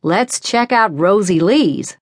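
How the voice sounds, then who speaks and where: A woman's voice: medium pitch, lively intonation, slow pace, dry recording, studio quality. A woman voicing a cheerful middle-aged dad who hams up a fake Cockney accent. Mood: warm. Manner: fake Cockney put-on, jokey.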